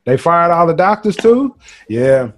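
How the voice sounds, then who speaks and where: A man's voice: on the high side, big pitch swings, a little slow, faint music behind. A man who hosts a conversation and answers a guest with short, affirming replies.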